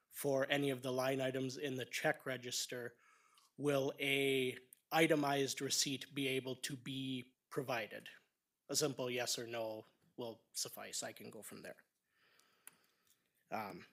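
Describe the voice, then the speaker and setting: A man giving public comment at a board meeting, asking pointed questions in a deliberate way at a podium microphone. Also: mid-range voice, fairly bright tone.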